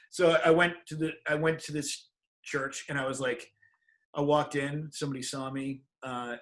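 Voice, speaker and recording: A middle-aged man with a mid-range voice, a guest on an interview show, relates a personal story in a casual, animated style. Whenever he quotes someone, he acts out their voice.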